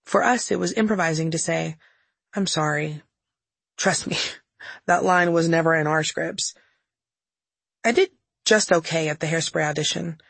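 A woman's voice: deep voice, normal speed, vocal fry, a bit bright, no room sound. A woman narrating her own audiobook memoir in a candid, wry storytelling manner, close to the mic.

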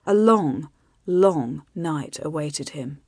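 Soft-spoken woman narrating a romance. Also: low-pitched, animated, husky, dry recording, studio quality. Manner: soft, intimate, measured reading. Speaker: audiobook narrator.

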